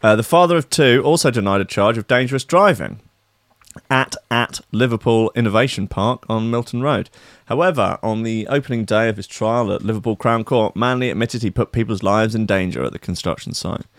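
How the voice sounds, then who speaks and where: A man's voice: on the low side, fairly quick, dry recording, studio quality. A man co-hosting a casual comedy chat, reading news stories aloud and breaking off into joking asides.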